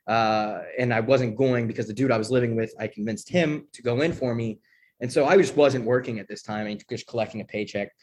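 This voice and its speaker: A young man candidly telling his recovery story in a profane, animated way, often checking in with "right?". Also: mid-range voice, fairly quick, slight background noise.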